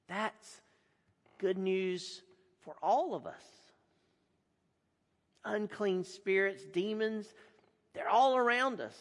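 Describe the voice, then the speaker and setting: A pastor delivering a sermon in a deliberate, emphatic way with repeated phrases. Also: male voice, high voice, lively intonation. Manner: slow, deliberate and emphatic, with repetition. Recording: long hall reverb.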